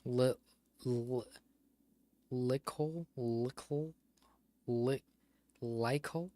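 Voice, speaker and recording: A man's voice: medium pitch, extremely slow, dark tone, no room sound. A man casually talking to himself during gameplay, spelling out words letter by letter and muttering as he works through crossword clues, with the odd curse of frustration. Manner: swears in mild frustration. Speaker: gaming streamer. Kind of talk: casual solo gameplay commentary.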